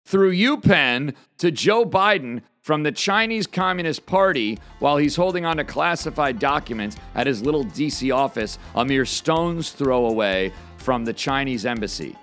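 Fired-up man with a lively voice. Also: mid-range voice, soft background music. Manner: emphatic and indignant, punching single words; says he is talking fast and fired up. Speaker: political commentary host. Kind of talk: opinion monologue reading news aloud.

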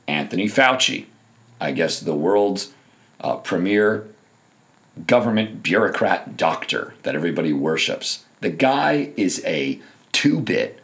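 Hoarse, scratchy-voiced man hosting a podcast. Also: fairly bright tone. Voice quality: scratchy, low voice. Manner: emphatic, piles up repeated phrases. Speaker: podcast host. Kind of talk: opinionated political commentary.

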